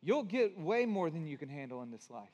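A man preaching a sermon as pastor, earnest, moving between hushed and emphatic passages. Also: on the high side, big pitch swings, brisk, in a large hall, highs cut off.

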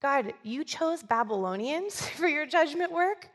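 Exasperated ancient prophet, put on by a woman: high, urgent questions in a reverberant hall. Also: expressive, fairly bright tone. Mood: pleading. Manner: incredulous rapid questions.

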